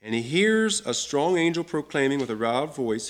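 A man teaching a Bible study, unhurried and reading scripture aloud with emphasis. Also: on the high side, expressive.

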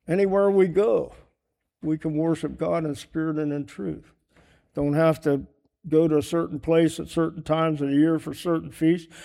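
A man's voice: a little high, creaky, warm tone. A man preaching a sermon earnestly, asking his listeners question after question and teaching from a board. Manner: earnest, asks rhetorical questions; writes on a board while teaching.

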